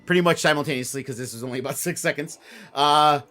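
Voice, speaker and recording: A man's voice: medium pitch, racing, a bit bright. A man running a tabletop game as game master, amused and laughing often.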